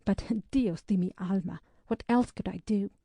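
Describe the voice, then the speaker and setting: A woman reading the part of an anxious young Spanish woman traveller, hesitant and nervous, in a dry, mellow voice. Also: mid-range voice, moderate pace, breathy edge, dry recording, lightly acted.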